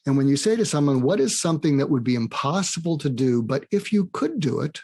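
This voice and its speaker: Animated older man telling stories. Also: a little fast. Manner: animated storyteller, acts out quoted dialogue with rising pitch. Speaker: guest, psychiatrist and author. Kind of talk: conversational storytelling interview.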